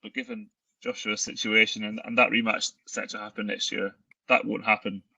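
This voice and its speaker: A man talking as a sports journalist in a casual chat, laying out facts in a measured way. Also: fairly low pitch, fairly even intonation, creaky, pushed and bright, slightly rough, no room sound, rough recording.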